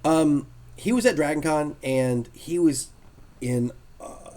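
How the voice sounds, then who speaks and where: A man telling stories in a casual podcast chat, lively and acting out the people he quotes. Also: fairly high pitch, slow. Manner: lively storyteller, acts out quotes. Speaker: guest artist telling convention stories.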